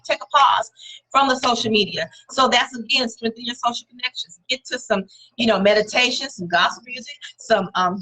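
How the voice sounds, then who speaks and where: A woman's voice: a little high, pushed and bright, low-quality recording. A woman giving a casual motivational talk to her viewers, encouraging and conversational, leaning on repeated words for emphasis. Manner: speaks directly to viewers and names them.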